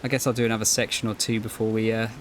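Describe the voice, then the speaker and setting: A man's voice: on the low side, flat delivery, very fast, slight background noise. A man giving chatty, jokey gameplay commentary as a streamer, swearing now and then.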